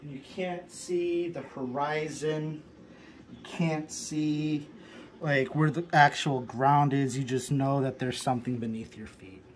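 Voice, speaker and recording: A man casually guides a listener through an imagined scene, loose and rambling with lots of filler words. His voice is on the high side, steady in tone and slow-paced. The low-quality recording has slight background noise.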